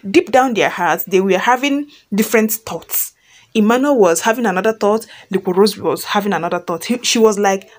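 A woman's voice: mid-range voice, moderate pace. A woman who reads a fan story aloud and then retells it chattily, often checking in with listeners and repeating herself.

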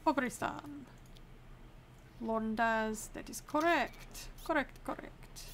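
A woman's voice: a little high, slow, a little hiss or hum. A young woman gaming host playing a formal, clipped woman border inspector in a put-on mock foreign accent. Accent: put-on mock accent from the game's fictional country. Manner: formal, clipped officious phrasing. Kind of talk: playing a game in character.

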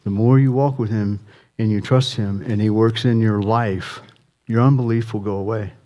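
A man preaching a sermon as pastor, swinging from impassioned, near-shouted appeals to soft, quiet pleading. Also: on the low side, fairly even intonation, normal speed.

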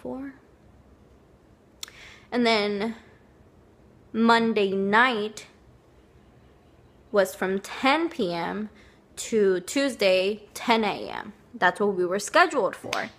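A woman's voice: medium pitch, expressive, very slow, long pauses. A young woman chatting casually to camera, telling a rambling story with lots of fillers. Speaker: vlogger.

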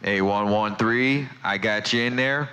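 A man's voice: fairly low pitch, unhurried, heavy background noise. A man chatting on CB radio from his home station, friendly and repeating his call sign and sign-offs. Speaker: CB radio operator. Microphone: CB radio microphone.

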